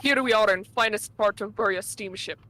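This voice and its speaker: Brief: a woman doing a curt Russian-accented ship steward, bright and forceful, game read-along. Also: mid-range voice, brisk, a little hiss or hum, voice pushed down, close to an everyday voice, low-quality recording. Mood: gruff. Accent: put-on Russian. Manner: drops articles, curt. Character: gruff male Russian ship steward, blunt.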